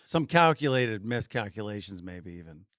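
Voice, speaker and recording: A man co-hosts a podcast in casual chat, chiming in with wry, dry jokes. His voice sits fairly low. The sound is close and dry, with no room echo. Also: sing-song, moderate pace, a bit bright. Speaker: podcast co-host, retailer.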